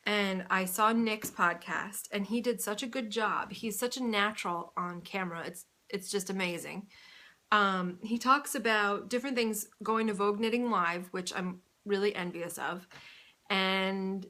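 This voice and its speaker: Woman, podcast host, bright voice, middle pitch, casual chatty rambling, gushing, home recording. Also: moderate pace. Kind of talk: casual video podcast chat. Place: indoors at home under a bright light.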